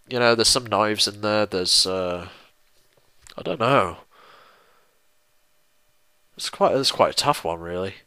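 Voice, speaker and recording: Rambling young English man, lively. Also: fairly low pitch, no room sound. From England. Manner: rambling, self-deprecating, mild swearing. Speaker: YouTuber answering viewer questions. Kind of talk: casual Q&A monologue.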